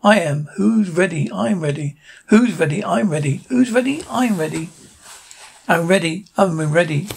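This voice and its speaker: A man voicing an eager young male sea sponge who wants to be a fry cook, with a husky, excitable voice. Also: sits high, a little hiss or hum. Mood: hyped. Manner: excitable, rapid, overeager.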